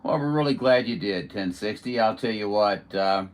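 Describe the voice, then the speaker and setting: A man chatting on CB radio as the host of a livestream, friendly, with drawn-out radio sign-offs, speaking from indoors at home. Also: fairly low pitch. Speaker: CB radio operator hosting a livestream. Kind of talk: casual CB radio chat.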